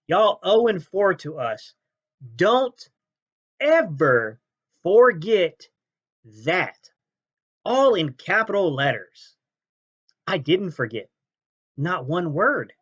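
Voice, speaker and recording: A man hosting a sports fan channel, ranting and mocking rival fans' comments, jumping between loud jabs and low sneers. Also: slightly rough, highs cut off. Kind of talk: fan reaction rant.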